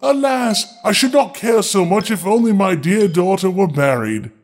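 A frightened queen, put on by a man, pitched high and pleading, her voice rising and falling in distress. Faint music plays behind her. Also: animated, normal speed.

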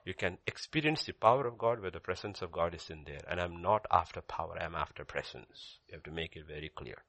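An older man preaching a sermon as pastor, swinging between loud emphasis and soft near-whispers and repeating key phrases. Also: low voice, fairly quick.

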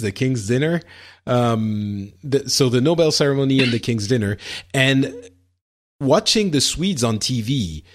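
A man co-hosting a podcast in casual chat, asking questions and laughing easily. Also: mid-range voice. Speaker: podcast co-host.

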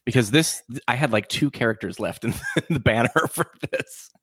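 A man's voice: medium pitch, lively intonation, moderate pace, a bit bright, husky, no echo. A man from Washington State hosting a podcast in casual chat, rambling with lots of fillers and restarts. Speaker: podcast host.

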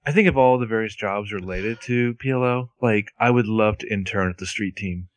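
A man's voice: on the low side, moderate pace, no room sound. A man co-hosting a casual chat about a TV show, making wry, joking asides. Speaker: podcast co-host.

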